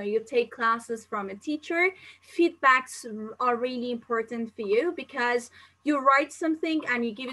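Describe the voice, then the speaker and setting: Bright-voiced young female teacher. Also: on the high side, poor audio. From not Turkey, living there. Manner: chatty, explains with many examples and fillers. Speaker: English teacher answering live questions. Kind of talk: live Q&A lesson.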